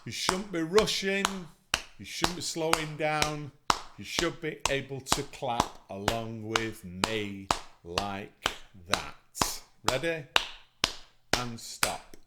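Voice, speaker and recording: A man's voice: mid-range voice, slow pace, heavy background noise. A man teaching an online music lesson to children, upbeat and encouraging as he counts them in. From England.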